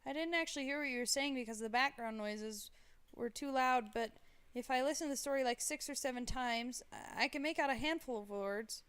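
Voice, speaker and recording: A playful young college guy, teasing and a little halting as he trails off mid-word, read aloud by a woman. The voice sits high and is smooth and clear. It comes from a live story reading. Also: a bit bright. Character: young male college student, teasing and bookish.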